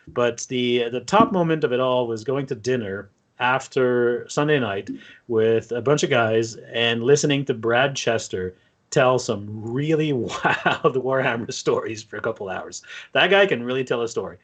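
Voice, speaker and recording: This is a talkative man hosting a laid-back podcast, chatting freely among friends. His voice sits at an ordinary middle pitch, and he keeps up an easygoing, conversational flow. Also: normal speed. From Canada. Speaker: podcast host. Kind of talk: casual podcast chat.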